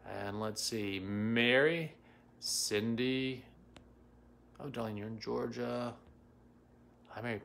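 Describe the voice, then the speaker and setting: A man's voice: medium pitch, slow, creaky, pauses often, fairly bright tone, a little hiss or hum. A middle-aged man hosting a casual livestream as a psychic medium, greeting viewers by name and answering comments with many fillers. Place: home in Washington, D.C.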